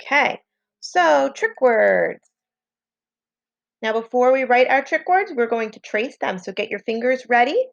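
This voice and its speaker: Slow, patient woman teaching spelling. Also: fairly high pitch, animated, creaky, no room sound, lo-fi sound. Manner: patient, sounds out letters one by one. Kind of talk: slow, deliberate spelling lesson for children. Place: home, online lesson.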